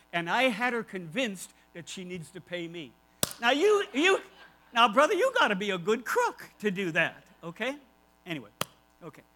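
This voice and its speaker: A man's voice: sits high, sharp tone, rough recording. A man preaching a conversational sermon, emphatic and repeating key phrases, with asides to his listeners.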